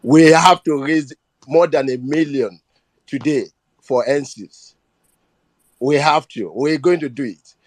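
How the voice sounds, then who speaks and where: A man's voice: fairly high pitch, slow pace, pauses often, no room sound. A man with a Nigerian accent speaking earnestly and emotionally on a live audio chat, often repeating himself. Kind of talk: impassioned appeal.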